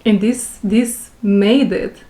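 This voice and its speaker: A woman who speaks English as a second language, giving an intuitive spiritual reading to her viewers. She talks slowly, repeats her phrases and searches for words. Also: medium pitch, steady tone, warm tone, echoey room. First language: not English. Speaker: intuitive reader.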